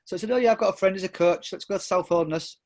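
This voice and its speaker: Man, middle-aged, from England, high voice, rambling guest, jokey. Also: rapid-fire, a little mellow. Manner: rambling, self-interrupting with many restarts and fillers; jokey and laughs often. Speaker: podcast guest. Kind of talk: casual storytelling interview.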